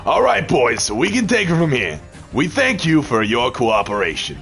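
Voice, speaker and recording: A man's voice: mid-range voice, huge pitch swings, moderate pace, creaky, a bit bright, faint music behind, heavily acted. A man putting on a voice for a cocky young male squad leader, speaking with breezy confidence. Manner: breezy, confident, put-on accent.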